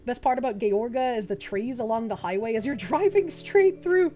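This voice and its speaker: High-pitched woman, American streamer, casual and profane, loose rambling delivery. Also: lively intonation, normal speed, dark tone, soft background music. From United States. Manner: rambling, profane, laughs often. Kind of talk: casual stream chat reading an article.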